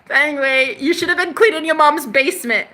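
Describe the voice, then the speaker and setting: A woman's voice: sits high, normal speed, bright, forceful tone. A young woman hosting a spiritual livestream, chatting casually, reading out viewer comments with sass, swearing freely and laughing often.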